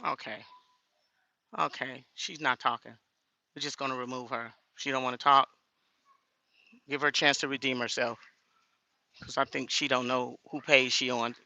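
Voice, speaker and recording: A woman's voice: a bass voice, fairly even intonation, normal speed, gravelly, long pauses, sharp tone, no echo. A woman talking straight to her viewers in a casual vlog, blunt and indignant. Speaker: vlogger.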